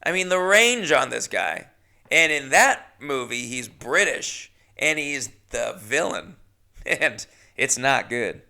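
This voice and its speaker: A man's voice: medium pitch, animated, slow pace, vocal fry, bright, forceful tone. A man hosting a solo podcast, rambling casually with chatty, self-mocking asides. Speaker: podcast host.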